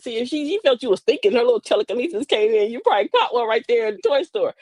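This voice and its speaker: An older woman, a grandmother, hosting a livestream and telling sassy, funny stories about parenting in a casual, animated way. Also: fairly high pitch, rapid-fire, few pauses, dry recording. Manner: animated, sassy storytelling with laughs. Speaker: livestream host. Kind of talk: casual comedic livestream monologue.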